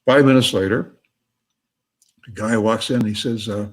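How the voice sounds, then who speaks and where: Lecturer, male, low and husky, tells jokes and laughs at them. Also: normal speed, pauses often. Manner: storytelling, laughs at own jokes. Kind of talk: lecture with joke-telling.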